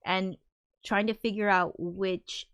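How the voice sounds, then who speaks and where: A woman's voice: medium pitch, fairly even intonation, takes it slowly, fairly bright tone, clean tone, no echo. A woman composer chatting casually on a livestream, rambling with frequent restarts and casual swearing. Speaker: composer streaming her work.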